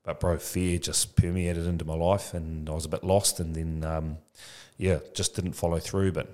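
A man of about forty with a low, deep voice speaks as a podcast guest. He talks loosely and frankly, dropping "bro" into nearly every thought. His delivery is reflective and open. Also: flat delivery, normal speed, darkish tone. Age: 40s. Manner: casual, says "bro" often, frank and reflective. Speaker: podcast guest, childcare business founder. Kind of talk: candid conversational interview.

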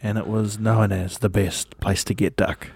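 A man's voice: lowish voice, level tone, moderate pace, gravelly, a little mellow, breathy edge, no echo, clean studio sound. A man, co-hosting a podcast and telling a story in a playful, laughing way. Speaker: podcast co-host. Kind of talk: casual storytelling chat.

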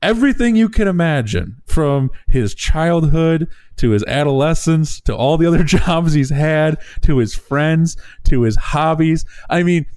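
A man casually telling the story of buying a business, animated, acting out quoted dialogue with restarts. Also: fairly high pitch, unhurried, hardly any pauses, dry recording. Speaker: small business owner telling his story.

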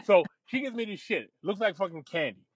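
A man telling a story in casual chat, profane and animated. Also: high voice, a little fast, slightly rough, no echo.

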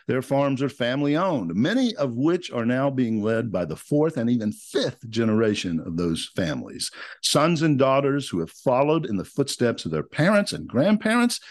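A man's voice: medium pitch, dry recording, clean studio sound. A man hosting a podcast, opening in an upbeat announcer style and then chatting with fillers. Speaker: podcast host. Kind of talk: podcast intro and interview.

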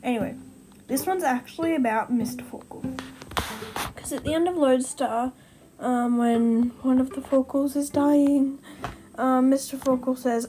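High-pitched young girl rambling about book theories, giggly, guitar music behind. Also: unhurried, mellow, low-quality recording. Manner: rambling, self-correcting, giggly. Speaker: podcast host. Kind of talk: casual fan-theory talk. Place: room at home by a window.

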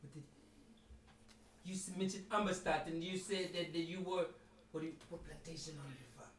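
High-voiced man in a roomy echo. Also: brisk, a little hiss or hum. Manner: loose slangy banter, animated storytelling. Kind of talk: casual chat.

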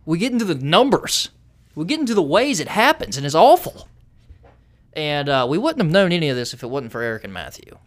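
A man's voice: a little high, sing-song, brisk. A man with a Southern American accent hosting a podcast, talking loosely with lots of fillers. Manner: rambling with many fillers. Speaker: podcast host. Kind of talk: casual podcast chat.

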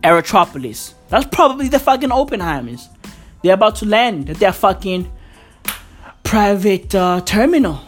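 A woman ranting profanely into a microphone, full of slang, swearing and loud laughter at her own jokes. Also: medium pitch, sing-song, moderate pace, faint music behind. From South Africa.

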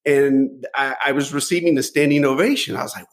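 A middle-aged man telling stories from his life as a podcast guest, animated, often repeating a word as he starts a thought. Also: mid-range voice, fairly quick. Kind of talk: storytelling interview.

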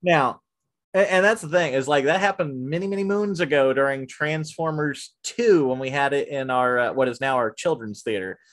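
A man hosting a podcast, casually telling stories about his work at a movie theater in an animated way, often laughing as he goes. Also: medium pitch, normal speed. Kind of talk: casual storytelling chat.

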